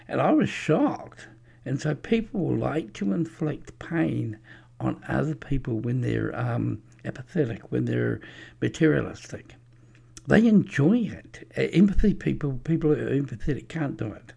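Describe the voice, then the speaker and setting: Gravelly, husky man. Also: mid-range voice, expressive, a little slow, dark tone. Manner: preachy, anecdotal, with many fillers and restarts. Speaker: religious speaker. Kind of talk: rambling personal monologue.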